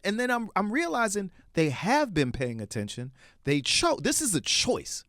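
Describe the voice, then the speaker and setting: A man co-hosting a podcast, talking in a lively, swinging pitch that sits a bit high. He argues hard and swears freely, piling up rhetorical questions. His voice is dry and close. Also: normal speed, no room sound. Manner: animated, profane, rhetorical. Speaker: podcast co-host. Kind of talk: heated casual discussion.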